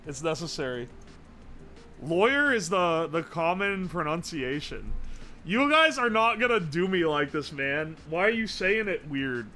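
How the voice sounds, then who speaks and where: A man's voice: fairly high pitch, very animated, a little slow, bright, forceful tone. A man streaming live, chatting casually and profanely as he rambles and answers his chat.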